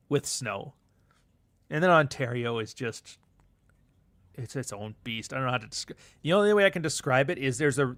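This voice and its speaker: A man's voice: medium pitch, a bit bright, dry recording. A man from Canada talking on his livestream in a loose, rambling way, swearing freely and reacting to chat comments. His voice sits mid-range for a man, recorded close with a dry, roomless sound. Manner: rambling, profane, reads chat aloud. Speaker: livestream host.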